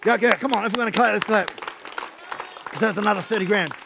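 A man's voice: high-pitched, fast, gravelly, long pauses, pushed and bright, a faint crowd, a little hiss or hum. A man, preaching and telling a story with energy, often repeating words as he builds up. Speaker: pastor. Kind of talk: sermon storytelling.

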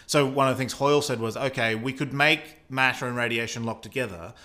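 A man with an Australian accent explaining physics in a relaxed, conversational way, thinking aloud with fillers. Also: mid-range voice, fairly quick.

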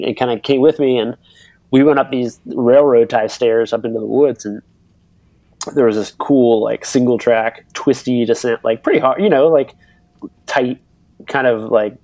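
A man's voice: medium pitch, a little mellow, no echo, poor audio. A young man, an interview guest, telling a long story in loose casual talk full of fillers, acting out the voices of other people. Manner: rambling, many fillers, acts out others' voices. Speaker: interview guest, bike racer and mechanic.

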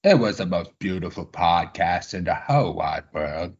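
A slow, earnest, simple-hearted man drawls wistfully in a deep, husky voice, as a man puts him on. The recording sounds dull and lo-fi. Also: expressive. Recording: slightly muffled lo-fi audio.

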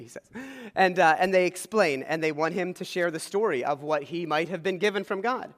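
In a large hall, a male pastor preaches with a slightly high voice and a somewhat quick delivery. He retells a story with animation, voicing each of the people involved.

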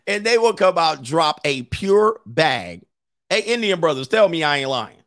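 A man's voice: fairly high pitch, very animated, moderate pace, fairly bright tone, dry recording, studio quality. Brash, joking male commentary host. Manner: brash, joking, laughs often. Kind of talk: casual commentary rant.

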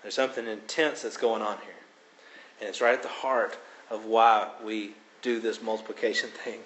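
Man, preacher, expressive sermon, rises in pitch for emphasis, echoey room. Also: moderate pace, slight background noise. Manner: expressive preaching, rising pitch for emphasis, quoting scripture dramatically. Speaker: pastor.

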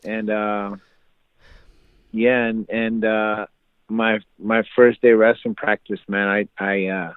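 A man with a fairly low voice tells a long personal story in a loose, rambling way, full of restarts and fillers. The sound is thin and phone-like, close and dry. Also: level tone, slow pace, smooth, dry recording. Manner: rambling with many fillers and restarts, laughs easily. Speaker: guest telling his life story. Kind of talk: casual storytelling. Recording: tinny phone-like line, dry.

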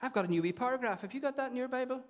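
Animated Northern Irish preacher, high voice. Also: male voice, racing. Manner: conversational, animated, repeats phrases. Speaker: pastor. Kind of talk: sermon. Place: church.

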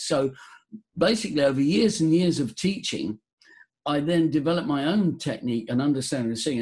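A man's voice: fairly high pitch, breathy edge. An older man, a vocal coach, telling stories animatedly in a casual interview, often restarting his sentences. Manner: animated storyteller, voices quotes, frequent restarts.

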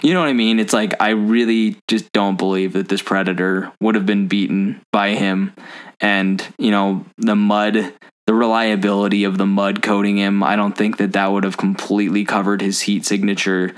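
A man's voice: on the low side, level tone, normal speed, smooth. A man hosting a casual movie-discussion podcast, chatty and rambling with lots of fillers. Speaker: podcast host.

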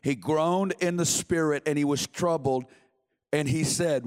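A man preaching a fervent sermon in a church, with a notably high voice. He hammers his points home by repeating short phrases. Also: measured pace, a little mellow, smooth. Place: church sanctuary.

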